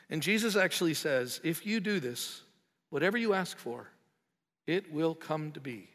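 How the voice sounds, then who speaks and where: Male pastor, high-pitched, impassioned sermon delivery, big reverberant hall. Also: expressive, normal speed. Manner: impassioned, swells loud on emphatic lines then drops quiet.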